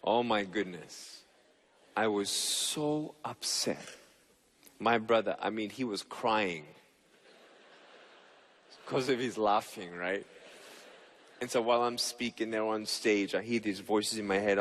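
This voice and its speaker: A man's voice: lowish voice, slow pace, pauses often, fairly bright tone. A young man giving a motivational talk to a live audience, telling a story and acting out both sides of the dialogue. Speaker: motivational speaker. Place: large stage venue. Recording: reverberant hall.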